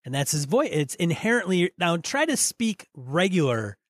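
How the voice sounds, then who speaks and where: A man's voice: high-pitched, big pitch swings, moderate pace, no echo, studio quality. Upbeat podcast host coaching his partner. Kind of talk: casual podcast chat.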